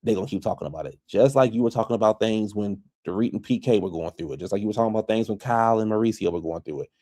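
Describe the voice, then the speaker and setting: A man casually recapping a reality TV episode for his viewers, chatty and opinionated, quick to pass judgment on the cast. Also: fairly low pitch, dark tone. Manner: chatty, gossipy, opinionated, addresses viewers as y'all.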